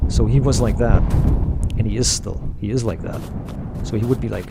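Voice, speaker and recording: Gravelly-voiced man, mid pitch, blunt rambling gamer commentary with faint engine hum behind. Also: a little fast. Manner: blunt, opinionated, repeats and restarts phrases. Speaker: gamer streaming a playthrough. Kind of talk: casual rambling commentary while playing.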